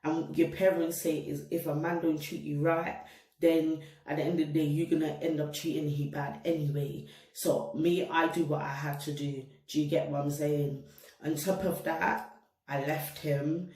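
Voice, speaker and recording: A young woman laced talks straight to her viewers, animated and full of street talk as she tells her story. Her voice is mellow and warm, recorded in an echoey room a little way from the mic. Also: deep voice, moderate pace, far from the mic. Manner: animated, slangy, addresses viewers directly. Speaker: vlogger. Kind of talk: casual storytime monologue. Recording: roomy echo, set back from mic.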